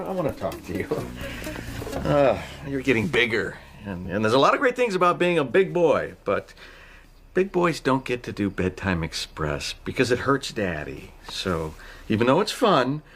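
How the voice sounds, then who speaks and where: Casting: high-strung middle-aged sitcom dad, stammering and emotional, voice leaping up and down. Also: male voice, big pitch swings, moderate pace, a little hiss or hum. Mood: gentle, awkward. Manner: stammering, emotional, swings into loud outbursts. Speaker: father. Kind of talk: sitcom acting.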